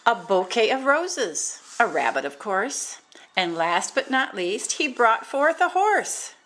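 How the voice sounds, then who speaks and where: A woman reading a rhyming picture book aloud in a sing-song, animated way, adding exclaimed asides between verses. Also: fairly high pitch, slow pace. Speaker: storybook reader.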